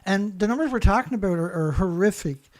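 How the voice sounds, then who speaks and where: A man's voice: sits high, animated, fairly quick. A man hosting a show and delivering an angry, insult-heavy monologue, repeating himself as he rants. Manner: ranting, insulting, repetitive. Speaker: show host.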